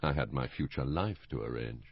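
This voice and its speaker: Very deep-voiced male audiobook narrator. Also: husky, no echo, muffled recording. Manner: measured first-person storytelling.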